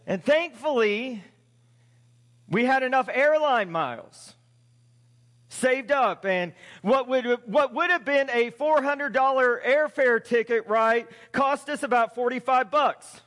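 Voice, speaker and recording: A male pastor with a very high, fairly bright voice preaches slowly in a conversational, emphatic way. He throws rhetorical questions at his congregation, and a church hall gives his words a long reverb.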